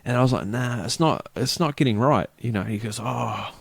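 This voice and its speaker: A man's voice: medium pitch, moderate pace, gravelly, no room sound. A middle-aged New Zealand man chatting casually as a podcast co-host, rambling through a story and acting out the people in it. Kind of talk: casual chat.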